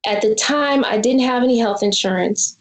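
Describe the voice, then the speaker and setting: A woman in her forties shares a personal story as an interview guest, earnest and reflective. Her voice sits a little high for a woman. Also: moderate pace, reverberant, rough recording. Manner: earnest, reflective, acts out quoted dialogue. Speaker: guest filmmaker.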